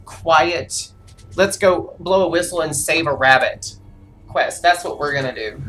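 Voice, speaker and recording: Animated swearing gamer, lively pitch. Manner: swears freely and vents frustration, then laughs it off; narrates own moves aloud, chatty and exclamatory. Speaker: live-streaming gamer. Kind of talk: casual gameplay commentary to viewers.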